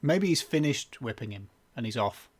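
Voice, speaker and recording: A man's voice: medium pitch, expressive, moderate pace, slightly rough. A man co-hosting a live comedy podcast stream, joking loosely, stumbling over his words and reading chat comments aloud. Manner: jokey, self-interrupting, reads chat comments aloud. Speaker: podcast co-host.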